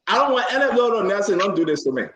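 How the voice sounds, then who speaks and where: High-voiced man, emphatic host. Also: big pitch swings, rapid-fire, fairly bright tone, echoey room, poor audio. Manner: emphatic, repeats phrases, laughs between points. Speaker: talk show host. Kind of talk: live talk show commentary.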